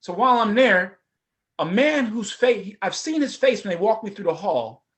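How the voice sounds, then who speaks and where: A middle-aged man, a former prosecutor, telling his personal story at a forum in a lively, conversational way. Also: high-pitched, normal speed. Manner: animated, conversational, acts out voices.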